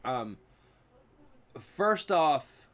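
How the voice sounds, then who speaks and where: A man's voice: fairly high pitch, very animated, drawn-out words, a bit bright. A man co-hosting a casual podcast, who gives blunt, opinionated takes and swears freely. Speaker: podcast co-host; parent. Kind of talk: casual chat.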